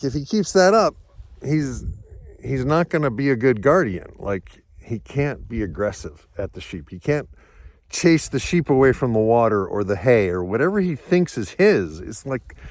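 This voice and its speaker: A man's voice: mid-range voice, darkish tone. Rambling farmer man outdoors. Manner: rambling, reflective, talks to his dogs. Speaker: sheep farmer. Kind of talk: casual vlog monologue. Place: outdoors on a snowy farm.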